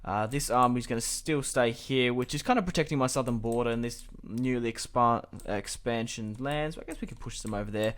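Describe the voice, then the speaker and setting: A man's voice: mid-range voice, a little fast, few pauses. A young man giving casual, chatty commentary over a strategy game, thinking aloud as he plays. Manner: chatty and relaxed, thinking aloud, with light laughs. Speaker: channel host, gameplay commentator.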